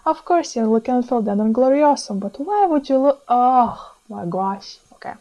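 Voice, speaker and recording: A young woman with a Lithuanian accent, chatting excitedly over her own plant shopping footage with small grammar slips. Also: a little high, moderate pace, dull audio. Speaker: plant vlogger.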